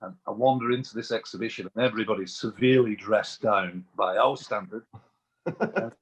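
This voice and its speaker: A British man, a business owner as interview guest, telling anecdotes in a chatty, animated way. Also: fairly low pitch, fairly quick, husky, low-quality recording.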